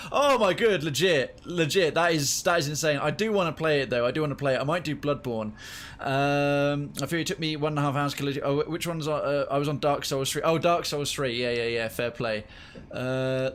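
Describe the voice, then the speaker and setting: A man's voice: a little high, fairly bright tone, slight background noise. A young British man streaming a game, chatting with his viewers in a rambling, digressive way. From United Kingdom. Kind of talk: casual gaming commentary.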